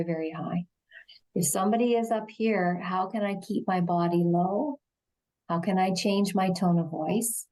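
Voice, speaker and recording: Soft-spoken woman, calm and lowish. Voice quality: quiet, calming, soothing voice. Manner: slow, measured, gentle delivery. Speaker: shelter executive director, interview guest. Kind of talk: explaining de-escalation in a TV interview.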